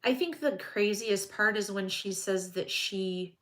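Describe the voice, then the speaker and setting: A woman's voice: medium pitch, a little slow, a bit bright, rough recording. A woman hosting a live stream at home, reading crime news aloud and chatting with viewers, with blunt, offhand asides.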